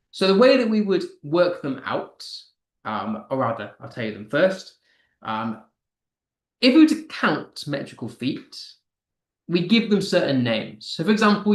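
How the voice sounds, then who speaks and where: A man's voice: fairly high pitch, roomy sound. A man teaching English with a British accent, explaining patiently with frequent ums and restarts. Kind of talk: online lesson.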